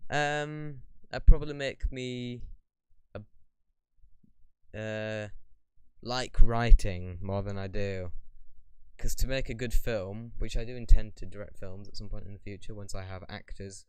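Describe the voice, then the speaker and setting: A man's voice: fairly low pitch, fairly even intonation, a little slow, clear, resonant tone, dry recording. A young man in a casual question-and-answer vlog, talking bluntly in a rambling, opinionated way. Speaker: YouTuber.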